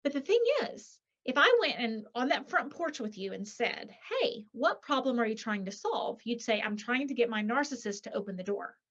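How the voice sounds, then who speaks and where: A woman author, a guest in an interview, talking in a lively way and acting out quoted voices, with many rhetorical "right?"s. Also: on the high side, normal speed, few pauses, lo-fi sound. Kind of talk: animated interview talk.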